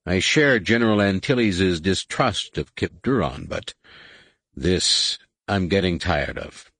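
A man's voice: deep voice, expressive, slow pace, fairly bright tone, no echo, full character voice. A man reading the part of a blunt veteran pilot officer who speaks in a dry, businesslike way. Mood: dry firm.

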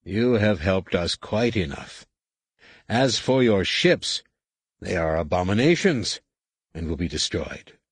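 A man voicing a cold, menacing alien warrior commander who speaks slowly and with measured threat, in a husky voice. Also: deep voice, sing-song, dry recording, exaggerated voice. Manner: slow, measured, coldly threatening.

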